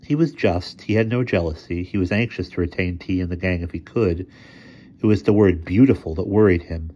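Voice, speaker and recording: Low, dark-voiced man reading a story. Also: muffled recording. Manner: steady, measured narration. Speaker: story reader.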